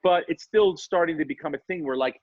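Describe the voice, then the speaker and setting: A man co-hosting a podcast, telling a story in casual chat, animated and swearing, acting out the voices of the people in it. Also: on the high side, fairly quick, dry recording. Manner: animated, swearing, acts out voices in his stories. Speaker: podcast co-host. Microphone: remote call mic. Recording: dull lo-fi internet call audio.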